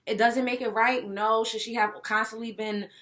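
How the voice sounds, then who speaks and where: A woman's voice: fairly high pitch, moderate pace. A young woman, hosting a talk show and giving blunt, profane opinions. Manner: blunt, profane, animated, mimics others. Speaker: show host. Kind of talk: opinionated commentary.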